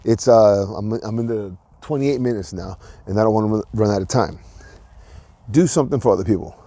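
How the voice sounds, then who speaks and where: Speaking a little fast in a lowish, dark voice, a man hosts his own podcast in a dry recording. His solo talk is loose and meandering, peppered with restarts and fillers, and has an earnest, encouraging feel.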